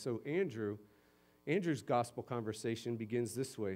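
A man from Connecticut delivers a sermon as a pastor, lively and chatty in tone, at times quiet and at times emphatic. He speaks at a normal speed with a medium pitch.

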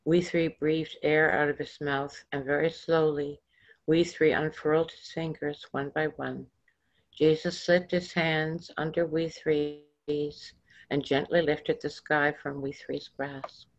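A woman author reading her own story aloud in a slow, measured storybook manner. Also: deep voice, fairly even intonation. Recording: dull lo-fi recording.

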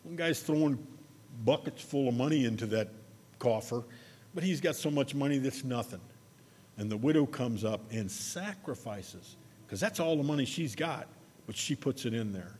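A man preaching a sermon, telling a personal story in a conversational way and slowing down to stress key words. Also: medium pitch, animated, darkish tone, husky, in a large hall. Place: church sanctuary.

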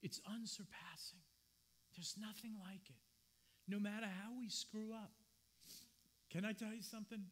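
A man's voice: high-pitched, fairly even intonation, unhurried, pauses often. A man preaching a sermon as pastor, earnest and personal, telling stories from his own life in a church. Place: church sanctuary.

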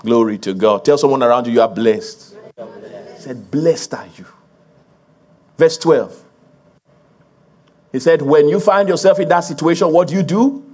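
A man's voice: a little high, normal speed, long pauses, a little mellow. A man preaching a sermon as a pastor to his congregation, building emphasis with repeated phrases and laughing along with the crowd.

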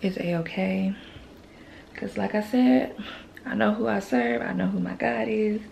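A pregnant woman vlogging in casual chat, out of breath, often dropping to a breathy whisper and calling her viewers y'all. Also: mid-range voice, fairly even intonation, a little mellow, a little hiss or hum. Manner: drawn-out Southern US slang, addresses viewers as y'all.

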